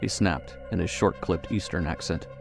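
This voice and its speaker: A man narrating a horror audiobook in a measured, suspenseful way. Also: sits low, gravelly, faint music behind.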